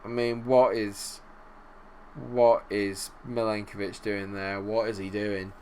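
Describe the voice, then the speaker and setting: A young man commentating his own football management game, exasperated, swinging from low muttering to shouting at his players. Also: level tone, slow, a little hiss or hum. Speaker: gaming YouTuber. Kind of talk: let's-play commentary.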